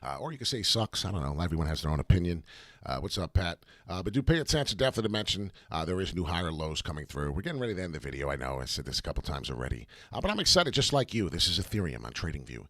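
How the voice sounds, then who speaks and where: A man hosting excited crypto chart commentary, repeating himself and dropping rhyming asides. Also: low-pitched, racing, no room sound, clean studio sound. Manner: animated, repetitive, rhyming asides. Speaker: crypto chart analyst host.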